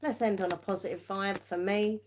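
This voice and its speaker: Tired, giggly woman streamer, mid-pitched, loose casual chat. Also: fairly even intonation, brisk, darkish tone, a little hiss or hum. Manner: chatty, giggly, self-mocking. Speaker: tarot-reading livestream host.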